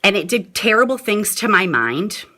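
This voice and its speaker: A middle-aged woman chatting casually with her viewers on a live stream, gushing and excitable, often addressing them as "you guys". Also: mid-range voice, moderate pace.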